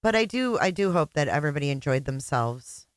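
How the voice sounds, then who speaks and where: There's no echo on this middle-aged woman's voice, which sits low, sounds clear and resonant, and moves a little fast with plenty of animation. Hosting a relaxed livestream chat, she's teary and emotional, reading out the names of viewers to say hello.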